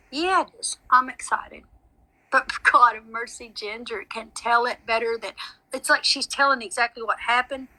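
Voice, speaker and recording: A woman's voice: on the high side, sharp tone, poor audio. A woman, chatting casually with her livestream viewers as a psychic medium, rambling on and calling them honey and sweetie.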